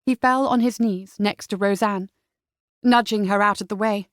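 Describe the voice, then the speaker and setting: A woman narrating a romance audiobook in a smooth, even storytelling manner. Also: medium pitch, moderate pace, no room sound, studio quality. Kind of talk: scripted narration.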